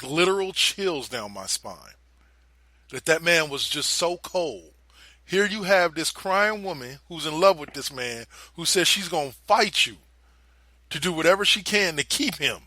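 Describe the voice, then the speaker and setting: Bright-voiced man telling a story. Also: fairly high pitch, dry recording. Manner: animated storyteller, swears freely, drops into quoted voices. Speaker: podcast co-host. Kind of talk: casual chat.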